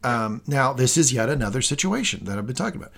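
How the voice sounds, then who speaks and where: Male co-host, mid-pitch, excitable, swears a lot, casual review chat. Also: fast talker, creaky. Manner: excitable, animated, swears freely. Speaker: podcast co-host.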